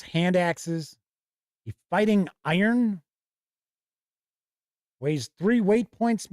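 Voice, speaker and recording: A man with a fairly high voice who hosts a tabletop game show in a casual, unhurried way. He reads item lists aloud from a rulebook and drops little asides and corrections. The sound is dry and close to the microphone. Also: a little mellow, no echo. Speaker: show host reviewing tabletop RPG books. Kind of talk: casual chat, reading from a rulebook on stream.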